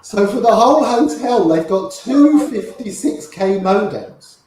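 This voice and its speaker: A man's voice: high voice, lively intonation, measured pace, darkish tone, a little hiss or hum. An older man, telling poker stories in casual chat and acting out the dialogue. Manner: storytelling, quoting others in dialogue. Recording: very echoey room.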